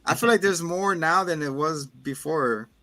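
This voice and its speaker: A man hosting a casual movie review chat, retelling scenes with animated energy. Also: a little high, moderate pace. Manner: animated storyteller, acts out scenes in voices. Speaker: podcast host.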